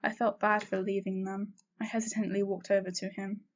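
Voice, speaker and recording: A woman reading a first-person fanfiction story aloud in a plain, steady narrating voice, in a dull lo-fi recording. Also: medium pitch, brisk. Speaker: fanfiction reader.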